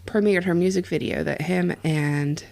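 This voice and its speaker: A woman's voice: fairly low pitch, fairly even intonation, moderate pace, gravelly, darkish tone. A woman co-hosting a casual podcast from a home kitchen, talking through details in a conversational way. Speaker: podcast co-host. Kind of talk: casual chat.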